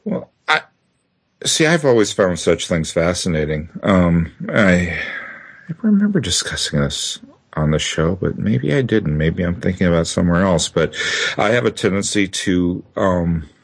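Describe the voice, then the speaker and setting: A man's voice: sits low, sing-song, a little slow, creaky. A man with a Midwestern American accent, hosting a casual podcast chat and rambling with many fillers. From Midwestern US, Minnesota. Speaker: podcast host.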